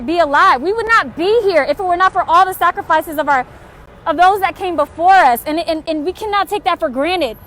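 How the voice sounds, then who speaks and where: A woman's voice: very high voice, fairly bright tone. A young woman livestreaming outdoors on a city street, making frustrated, tired, urgent and repetitive calls to action. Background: faint passing traffic and honking.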